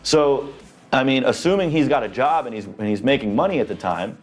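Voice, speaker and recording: A man's voice: mid-range voice, expressive, a little fast, soft background music. A man commenting on a played video clip, explaining a point step by step in a casual way and checking in with "right?". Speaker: business credit commentator.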